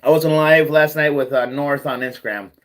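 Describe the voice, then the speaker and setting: A man's voice: a little high, steady tone, brisk. A man hosting a livestream, ranting bluntly and profanely, repeating himself as he goes. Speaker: livestream host. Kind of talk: ranting monologue.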